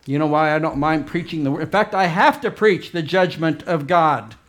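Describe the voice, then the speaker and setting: A man preaching a fervent sermon as pastor, swinging between loud urgent emphasis and quiet low asides. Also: lively intonation, normal speed.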